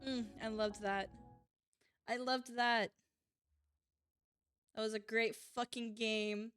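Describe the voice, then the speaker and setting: A woman's voice: a little high, slow, clear, resonant tone, no echo. A young woman live-streaming a video game, reading its text aloud and chatting casually and emotionally with her viewers, laughing and swearing often.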